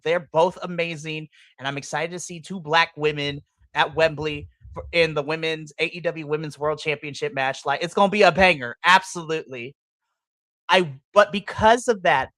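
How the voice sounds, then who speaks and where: A woman with a low-pitched but fairly bright voice hosts a live podcast as a casual reaction chat. She rants with passion and breaks into playful, exaggerated asides. The audio has no echo.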